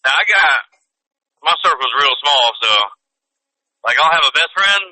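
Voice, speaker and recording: A man's voice: fairly high pitch, lively intonation, normal speed, bright, forceful tone, no echo. A man co-hosting a podcast over a phone call, teasing his friend in a dry, mock-serious way. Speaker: podcast co-host. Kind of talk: casual phone call chat.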